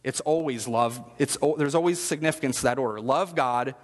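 A man's voice: mid-range voice, moderate pace, in a large hall. A man preaching a sermon in a conversational, chatty way and asking the congregation questions. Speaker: pastor.

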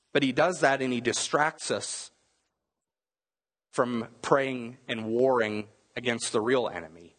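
A man preaching to his congregation in an easygoing, conversational way. He keeps checking in with his listeners through quick rhetorical questions. His voice sits at a middling pitch. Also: fairly bright tone. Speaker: pastor. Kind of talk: sermon.

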